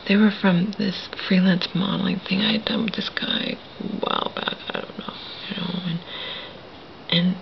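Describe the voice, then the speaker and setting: A woman vlogger talking in a hushed whisper, bitter and full of profanity, in a personal monologue. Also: mid-range voice, creaky, highs cut off, background noise.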